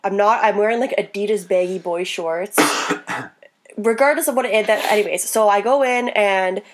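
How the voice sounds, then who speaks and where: A young woman co-hosting a casual chat, telling stories in a crude, animated way. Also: mid-range voice, normal speed, slight background noise. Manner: crude, animated storytelling with frequent laughter.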